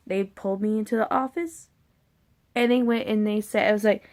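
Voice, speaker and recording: Woman vlogger, mid-pitched, loose and rambling storytelling, blunt and candid, swears casually. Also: steady tone, normal speed, darkish tone.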